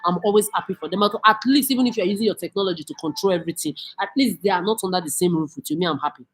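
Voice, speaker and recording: A woman's voice: lowish voice, rapid-fire, breathy edge. A woman from Nigeria, delivering a heated, profane, accusing rant as a vlogger. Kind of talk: angry profane rant to camera.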